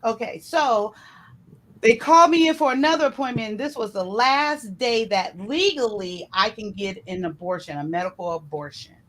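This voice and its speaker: A woman casually telling a personal story in an animated way, acting out what others said to her. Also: normal speed. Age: adult. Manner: animated, re-enacts others' words with shifting pitch.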